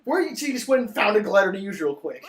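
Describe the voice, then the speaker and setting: Animated swearing man commentating. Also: high-pitched, quick pace. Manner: animated, swears, laughs often. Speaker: co-host of a cartoon commentary. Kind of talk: casual commentary chat.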